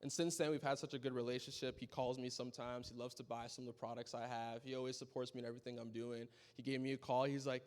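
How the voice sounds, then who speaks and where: A young man giving an earnest personal testimony at a conference, telling his story with animated energy and often checking in with "right?". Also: mid-range voice, quick pace, hardly any pauses. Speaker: conference speaker. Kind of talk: testimony talk. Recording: long hall reverb.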